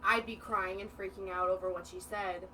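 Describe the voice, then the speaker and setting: A young adult woman co-hosting a casual chat, telling stories in an animated way and acting out what others said. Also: medium pitch, normal speed, far from the mic, background noise. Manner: animated storyteller who acts out quoted dialogue. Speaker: co-host, daughter of the host.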